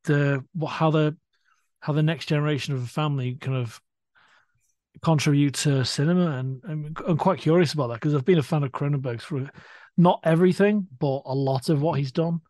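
A middle-aged man co-hosting a podcast, chatting enthusiastically with many halting restarts. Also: on the high side, darkish tone, no room sound. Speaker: podcast co-host. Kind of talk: casual chat.

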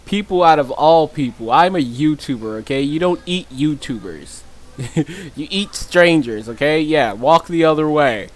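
Slow, joking young male gamer. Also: lively intonation. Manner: laughs often, shrieks high when chased; joking, teasing trash talk. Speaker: gaming YouTuber. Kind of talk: gameplay commentary.

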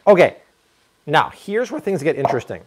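A man's voice: on the high side, moderate pace, background noise. A man hosting a live cooking stream from a kitchen, chatty and full of jokes. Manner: animated, jokey, chatty. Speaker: cooking show host.

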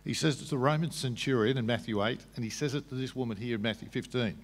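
A man's voice: medium pitch, quick pace. A man at a public debate, explaining scripture patiently, with frequent restarts. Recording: long hall reverb.

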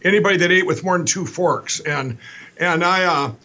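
Fast-talking, high-voiced male guest from Minnesota. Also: lo-fi sound. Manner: rapid, run-on, animated retelling with many restarts. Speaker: guest, company founder. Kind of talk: fast rambling storytelling.

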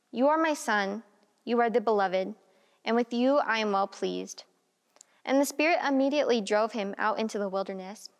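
A woman reading the gospel aloud in a worship service, measured and formal. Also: a little high, vocal fry, big-room sound. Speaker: scripture reader.

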